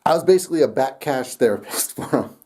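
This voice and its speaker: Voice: medium pitch, expressive, quick pace, a little mellow. A young adult vlogger telling a rambling story straight to camera, laughing often and swearing casually.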